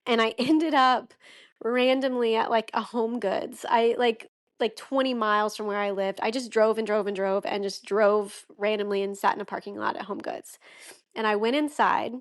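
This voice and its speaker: A woman's voice: a little high, fairly even intonation, moderate pace. Heartfelt woman telling a personal story. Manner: emotional, heartfelt, frequent "like" and "um". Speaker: podcast guest.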